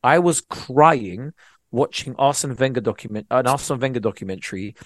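A man's voice: medium pitch, moderate pace, dry recording, studio quality. A young man, a comedian telling stories in a casual chat, full of slang. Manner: animated storytelling with slang. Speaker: comedian, podcast co-host.

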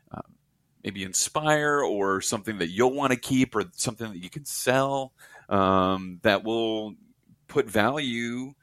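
A man's voice: fairly low pitch, a bit bright, smooth, no echo. A man guesting on a comedy podcast, talking in a laid-back, playful, supportive way. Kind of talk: casual comedic interview.

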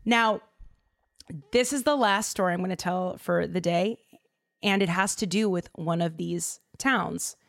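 A woman retelling a story in loose, casual slang and piling on fillers like "like" and "um." She is animated and keeps her listeners hooked. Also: on the low side, unhurried, creaky.

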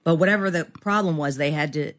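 A woman's voice: sits low, a little fast. A middle-aged woman actor talking candidly as an interview guest, rambling and self-deprecating with many fillers.

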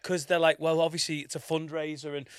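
A man hosting a casual comedy podcast, an animated storyteller who acts out what people said and swears freely. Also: a little high, brisk. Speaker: podcast host; stand-up comedian.

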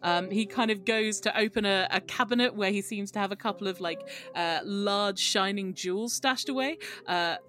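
A woman's voice: medium pitch, normal speed, hardly any pauses, soft background music. Woman narrating a tabletop game. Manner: relaxed, filler-heavy narration. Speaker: game master.

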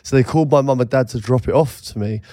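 A man's voice: mid-range voice, quick pace, warm tone, dry recording, studio quality. A man co-hosting a casual podcast chat, a jokey storyteller who laughs at his own jokes. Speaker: podcast co-host.

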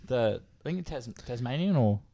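Lively, teasing young guy. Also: medium pitch, moderate pace, no room sound. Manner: laughing, teasing, crude. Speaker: podcast co-host. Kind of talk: casual banter.

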